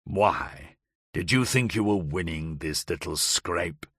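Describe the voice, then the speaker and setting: A cruel middle-aged nobleman from a storybook thriller, as the narrator puts him on, speaking low and slow with sneering menace. His voice swings widely in pitch, delivered close and dry with no room sound. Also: expressive, a bit bright, slightly rough, no echo, full character voice. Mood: menacing sneer. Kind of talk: audiobook character voice.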